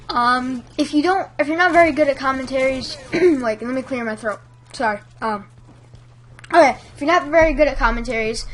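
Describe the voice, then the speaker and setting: A woman's voice: sits high, bright, forceful tone. A woman giving casual tutorial tips in a chatty, rambling way, full of fillers. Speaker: YouTube commentator giving tips.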